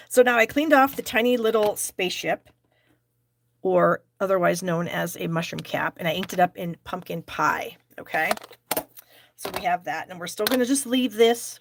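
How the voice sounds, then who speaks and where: A woman's voice: lowish voice, slight background noise. A middle-aged woman hosting a live card-stamping class, chatty and self-deprecating as she talks herself through each step. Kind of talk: live crafting demonstration.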